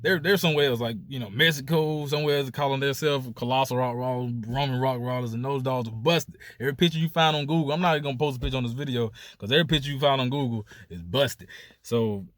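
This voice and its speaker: A man's voice: medium pitch, quick pace, a bit bright, dry recording, clean studio sound. Emphatic casual Southern man vlogging. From United States. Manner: loose, repetitive, emphatic with "period" and "you know". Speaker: dog breeder and vlogger. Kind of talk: casual talking-to-camera vlog.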